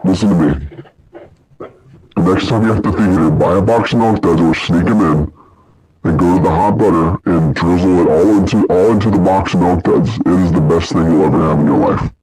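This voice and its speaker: A man putting on a loud, gruff voice to give emphatic advice. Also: fairly quick, soft background music, rough recording. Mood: insistent. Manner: booming, emphatic.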